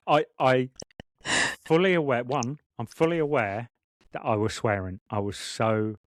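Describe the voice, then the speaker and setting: A man co-hosting a podcast, telling rambling, excited stories in casual chat. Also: mid-range voice, a little slow, no echo, studio quality. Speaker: podcast co-host.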